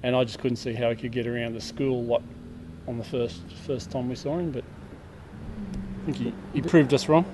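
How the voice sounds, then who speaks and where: A man's voice: medium pitch, steady tone, normal speed, pauses often, background noise. An Australian man from a school's staff telling a funny story, laughing easily. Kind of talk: documentary interview.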